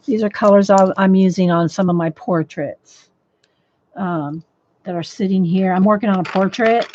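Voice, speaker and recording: A livestream art host teaches colored pencil in a medium-pitched voice at moderate speed, talking casually, restarting often, and naming viewers as she rambles. Her voice has a slight crackle, and her desk mic yields dull, dry, lo-fi sound.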